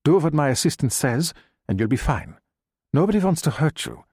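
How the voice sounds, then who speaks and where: A man voicing a smooth, evasive middle-aged male banker with a placating way of talking. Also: on the high side, expressive, fairly quick, darkish tone, dry recording, clean studio sound, voice pushed up.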